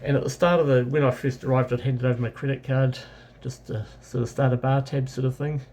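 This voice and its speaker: With slight background noise behind him, a New Zealand travel vlogger speaks a little fast in a steady, mellow, medium-pitched voice. His New Zealand accent carries a casual travel story that rambles, with plenty of fillers and corrections of himself along the way.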